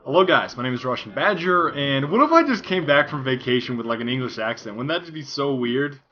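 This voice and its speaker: A man's voice: mid-range voice, expressive, brisk, highs cut off. A man giving joking, rambling gameplay commentary. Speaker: gaming commentator.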